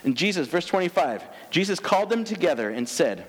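Lively man preaching in a big hall. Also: on the high side, slightly rough. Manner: conversational, animated, reads scripture slowly. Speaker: pastor. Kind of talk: sermon. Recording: long hall reverb.

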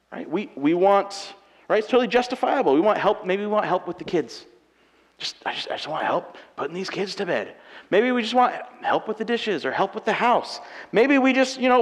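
A married man preaching a sermon with animated, self-mocking humor, acting out everyday quarrels. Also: sits high. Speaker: pastor. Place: church auditorium. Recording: long reverb of a large hall.

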